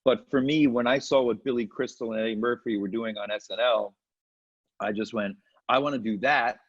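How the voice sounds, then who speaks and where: A middle-aged comedian telling lively stories in an interview, slipping into quick impressions. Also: male voice, medium pitch, breathy edge. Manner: animated anecdotes with quick impressions. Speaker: comedian guest. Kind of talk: storytelling interview chat. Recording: muffled lo-fi audio.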